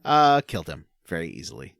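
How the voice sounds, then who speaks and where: A man's voice: sits low, sing-song, a little fast, creaky, fairly bright tone, no room sound, studio quality. A man co-hosting a podcast, rambling casually and hesitantly about a video game. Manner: rambling, hesitant, lots of uh and restarts. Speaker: podcast co-host.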